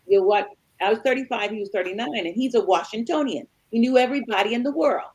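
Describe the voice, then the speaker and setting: A middle-aged woman co-hosting a podcast, telling a story with lively acted-out dialogue. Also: a little high, husky, rough recording. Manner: animated storyteller, acts out dialogue. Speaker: podcast co-host. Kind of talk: storytelling chat.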